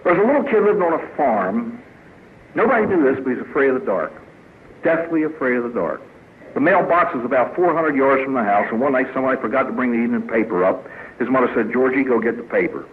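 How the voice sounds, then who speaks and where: Animated priest on a tinny old recording. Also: male voice, medium pitch, fast. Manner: storytelling with punchlines, voices quoted characters. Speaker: priest speaking at a recovery meeting. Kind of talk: humorous inspirational talk. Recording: tinny lo-fi archive recording with faint hiss.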